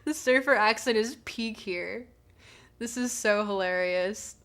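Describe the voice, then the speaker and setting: A woman's voice: medium pitch, a little slow, a bit bright. A woman streamer casually explaining a philosophy text between readings, chatty and giggly with many fillers. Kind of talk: casual live-stream commentary.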